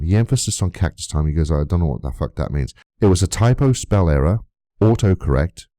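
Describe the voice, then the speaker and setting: Indignant deep-voiced man ranting. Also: mellow, no room sound, studio quality. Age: adult, long friendship of nearly twenty years. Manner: indignant, rhetorical, swears freely. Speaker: YouTuber. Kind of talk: vlog rebuttal, reading out messages.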